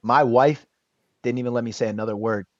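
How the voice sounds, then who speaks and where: A man guest on an interview podcast, telling a personal story in a casual, lively way and acting out what others said. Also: mid-range voice, a little fast, no echo. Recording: dull lo-fi dry sound.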